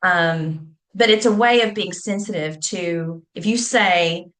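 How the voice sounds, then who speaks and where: Woman scholar, kinda low voice, explaining stuff, spells words out. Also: takes it slowly, fairly bright tone. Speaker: scholar and public speaking teacher. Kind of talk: academic talk.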